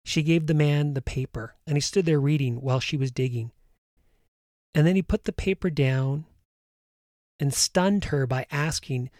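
Guy host telling a story n leading a breathing bit, earnest, voice a bit high, dry sound. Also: moderate pace, darkish tone, no room sound. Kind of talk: storytelling and guided meditation.

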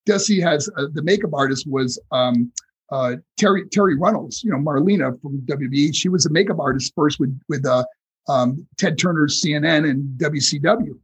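A man from New York, a former pro wrestler, telling animated stories as a guest in a casual interview, with many fillers. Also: on the high side, normal speed, breathy edge, rough recording.

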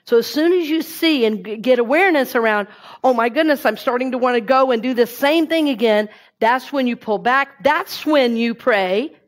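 A woman's voice: fairly high pitch, moderate pace. A woman giving a conversational sermon and leading the congregation in affirmations. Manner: warm, conversational preaching with affirmations. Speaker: minister.

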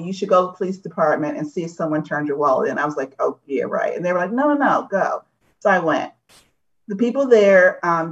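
Middle-aged woman, candid storyteller in a group talk, lively and animated, lo-fi sound. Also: on the low side. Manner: candid, animated, acts out voices in her stories. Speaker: discussion participant. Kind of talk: personal storytelling in a group discussion.

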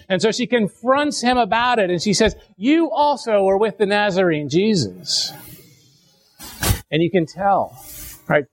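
A male preacher with a notably high voice delivers a sermon. He reads scripture and then unpacks it with casual asides, often restarting or repeating words.

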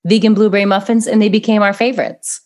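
A woman co-hosting a casual chat about a baking show, chatty and quick to laugh, often adding personal asides. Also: mid-range voice, fairly even intonation, darkish tone. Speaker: podcast co-host.

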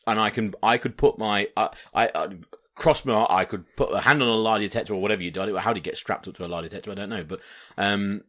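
A man's voice: fairly low pitch, fast, few pauses, a bit bright. A man hosting a podcast, chatting casually, rambling and laughing at his own jokes. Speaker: podcast host. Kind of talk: casual chat.

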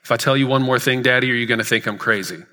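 A man retelling the words of a tearful six-year-old girl in his own voice, soft and earnest, in a reverberant hall. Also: medium pitch, a little slow. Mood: awed, earnest.

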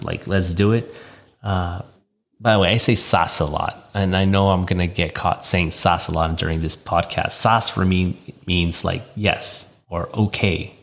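A man co-hosting a late-night couples podcast, talking casually with fillers, sounding tired. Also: low-pitched. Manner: relaxed, fillers, repeats catchphrase. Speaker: podcast co-host. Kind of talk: casual chat.

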